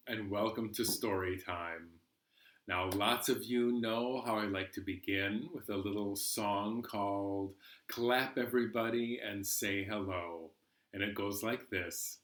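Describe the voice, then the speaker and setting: A man leading a children's library storytime, talking gently and singing simple songs with a banjo. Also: on the low side, unhurried, reverberant, background noise.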